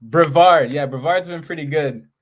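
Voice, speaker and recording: A man's voice: mid-range voice, expressive, a little fast. Canadian man with a Toronto accent, chatty student, loose and joking. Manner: rambling, joking, many likes. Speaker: student on a coaching call. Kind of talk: casual coaching call.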